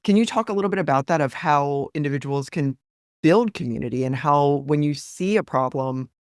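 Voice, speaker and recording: A woman's voice: deep voice, a little fast, darkish tone, no echo, clean studio sound. A woman hosting a podcast interview, affirming her guest and asking long, thoughtful questions. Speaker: podcast host.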